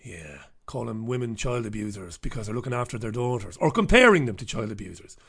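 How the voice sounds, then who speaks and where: A man's voice: medium pitch, expressive, fast talker, vocal fry, fairly bright tone, breathy edge. A man hosting a radio show, delivering an angry, sarcastic monologue full of swearing. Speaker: radio host. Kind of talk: ranting monologue.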